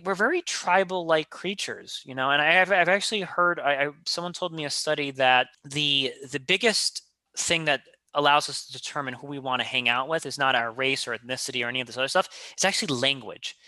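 Bright, animated man telling stories. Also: on the high side, a little fast, no echo. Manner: animated storyteller, many restarts and filler words. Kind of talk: casual conversation.

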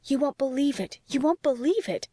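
A woman reading the part of an excitable young wife, eager and breathless. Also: moderate pace, no echo, natural voice. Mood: excited. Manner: breathless, excited, rising pitch.

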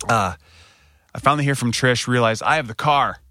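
A man in his thirties with an American accent, co-hosting a podcast and telling a personal story candidly, getting animated when he quotes people. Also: medium pitch, a little fast, no room sound, studio quality. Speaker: podcast co-host. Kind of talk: casual storytelling chat.

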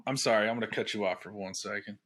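A man's voice: lowish voice, quick pace. A man co-hosting a casual podcast, teasing his friend and acting out scenes as he tells them. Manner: teasing, animated storyteller who acts out quotes. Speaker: podcast co-host. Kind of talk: casual chat. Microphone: podcast microphone.

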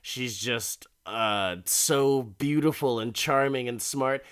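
A man's voice: mid-range voice, slow pace, a bit bright, smooth. A man voicing a lovestruck wealthy old man of about eighty who gushes giddily. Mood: giddy. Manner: giddy, gushing.

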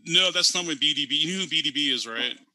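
A man debating scripture, combative and quick to challenge with quotes and questions. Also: fairly high pitch, sharp tone, poor audio. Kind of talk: heated online debate.

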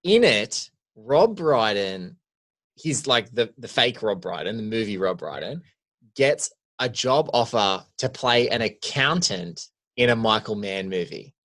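A man co-hosting a casual film podcast, talking in long, rambling, animated stretches full of "like". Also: fairly low pitch, a little slow. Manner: rambling, animated, heavy use of "like". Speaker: podcast co-host.

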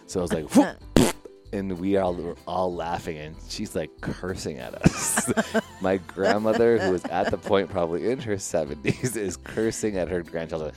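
A man's voice: sits low, moderate pace, darkish tone, soft background music. A man from the Chicago area hosting a casual podcast, telling stories animatedly and laughing often. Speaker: podcast host.

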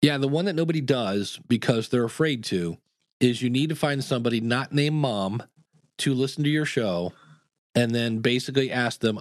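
A man, a podcast coach, answering interview questions in an animated way, acting out the people he quotes. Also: medium pitch, normal speed, dry recording, clean studio sound.

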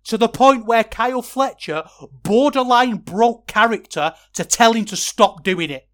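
A man hosting a podcast, giving a rambling, opinionated wrestling review that gets animated when he is worked up. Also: extremely high pitch, measured pace. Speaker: podcast host.

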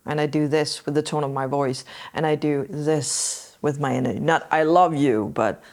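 Low-voiced woman explaining earnestly. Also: fairly even intonation, normal speed, hardly any pauses, darkish tone. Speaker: podcast host. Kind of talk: casual talk to listeners.

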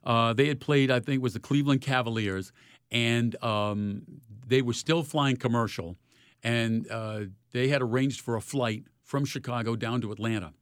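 A retired sports reporter in his sixties, telling lively stories in an interview. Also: normal speed, clean tone, no room sound, clean studio sound. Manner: animated storyteller, rising loud in highlights. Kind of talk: storytelling interview.

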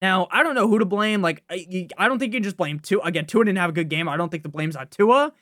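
A young man hosting a fantasy football podcast, ranting casually with profanity and sudden loud outbursts of frustration. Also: high-pitched, quick pace, no room sound, studio quality.

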